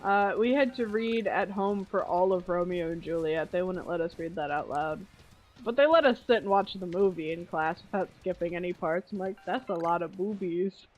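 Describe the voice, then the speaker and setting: A young woman chatting casually on a stream, telling animated school stories and slipping into playful voices. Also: fairly low pitch, moderate pace, muffled recording. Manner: animated storyteller who jumps into playful voices.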